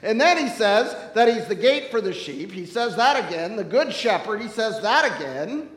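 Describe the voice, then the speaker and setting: A man with a high voice preaches to his congregation, with lots of rise and fall in his pitch. He is playful and teasing and talks directly to the people in the pews. The recording carries the echo and long reverb of a church hall. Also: sing-song, moderate pace. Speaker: pastor. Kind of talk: sermon. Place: church sanctuary.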